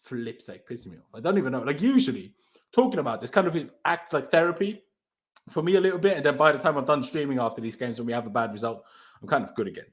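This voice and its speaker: A man's voice: mid-range voice, animated, fast talker. A young man hosting a football fan stream, ranting in exasperation and firing off rhetorical questions in casual chat. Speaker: host of a football reaction stream. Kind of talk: heated post-match fan reaction chat.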